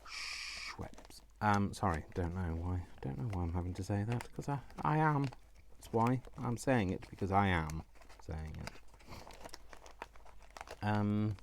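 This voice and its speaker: Sorting craft supplies at his desk, a man hosting a crafting vlog mutters to himself and rambles casually. His somewhat low voice is animated but unhurried, with frequent pauses, and faint background noise can be heard.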